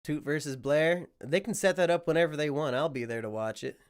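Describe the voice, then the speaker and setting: A man's voice: on the high side, brisk. A man with a sick voice chatting casually on a livestream, rambling and swearing freely. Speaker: streamer.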